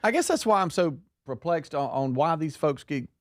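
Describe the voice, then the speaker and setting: A man co-hosting a talk radio show, answering briefly in a hesitant, low-key way. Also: lively intonation, normal speed, no room sound, studio quality. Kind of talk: casual talk radio banter.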